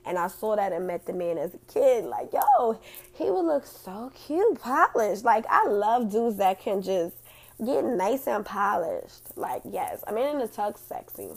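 A woman's voice: mid-range voice, big pitch swings, measured pace. A woman hosting a casual chat and reading out audience comments, blunt and profane, laughing often.

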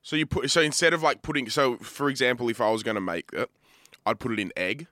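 A man's voice: mid-range voice, fast talker, sharp tone, dry recording. A young Australian man co-hosting a podcast, joking and swearing freely in casual banter. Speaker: podcast co-host. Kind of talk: casual chat.

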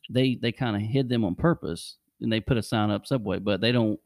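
Gravelly-voiced man telling stories. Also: fairly low pitch, a little fast, darkish tone, no room sound, studio quality. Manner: rambling storyteller, chuckles often. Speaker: podcast host. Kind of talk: casual chat.

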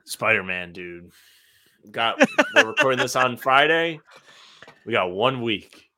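A young man co-hosts a laid-back podcast, rambling through everyday stories. His voice has a bright, forward edge. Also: medium pitch, wildly swooping pitch, unhurried. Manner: chatty anecdotes, many "like" fillers. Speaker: podcast co-host. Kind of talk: casual chat.

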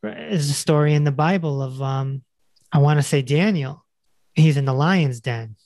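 A man's voice: on the high side, normal speed, vocal fry, darkish tone, no echo. A man hosting a podcast, talking in a reflective, conversational way. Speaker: podcast host. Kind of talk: casual interview conversation.

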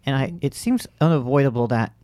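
Dude from florida hosting a comedy podcast, wry and rambly, dry close sound. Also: male voice, mid-range voice, expressive, fairly quick, darkish tone, no room sound. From Central Florida. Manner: chatty, wry, frequent fillers and restarts. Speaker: podcast host. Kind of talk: casual comedic chat.

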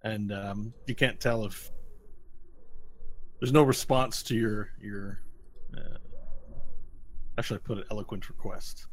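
A man narrating as game master for a tabletop game, with relaxed, rambling descriptions full of fillers. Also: fairly low pitch, measured pace, pauses often, a little hiss or hum.

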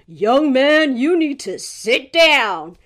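A woman's voice: high voice, sing-song, slow, a little hiss or hum, voice pushed up, full character voice. A woman voicing a powerful spirit presence that speaks through her, firm and old-fashioned in its scolding. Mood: stern. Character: commanding godlike spirit, stern and elderly in manner.

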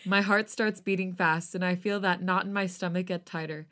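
A woman co-hosting a podcast, reading fan fiction aloud in a soft voice and breaking off into loud, laughing, flustered chat. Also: lowish voice, steady tone, normal speed.

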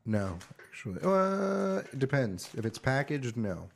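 A man's voice: medium pitch, very animated, a little slow, vocal fry, slight background noise. A man chatting on a podcast with a blunt, offhand manner. He jokes freely and drops into mock voices for quotes. His voice sits in an ordinary middle range. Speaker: podcast co-host. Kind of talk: casual chat.

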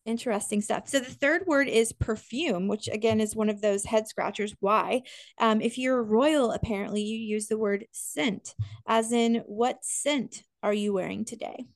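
A woman co-hosting a podcast in casual chat, enthusiastic and quick to restart her sentences. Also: fairly high pitch, no room sound. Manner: chatty, enthusiastic, self-interrupting. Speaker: podcast co-host.

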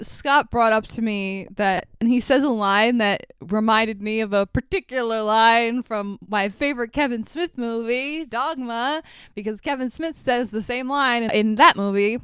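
A woman's voice: a little high, fairly bright tone, clean tone, dry recording. A woman co-hosting a podcast, chatting about a movie with frequent laughs and sarcastic asides. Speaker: podcast co-host. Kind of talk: casual movie recap chat.

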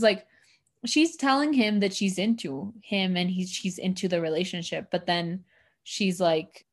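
A woman's voice: lowish voice, breathy edge. A woman co-hosting a podcast, chatting casually through a TV episode recap, full of "like" fillers and acted-out lines. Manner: chatty, lots of "like" fillers, acts out characters' lines. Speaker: podcast co-host.

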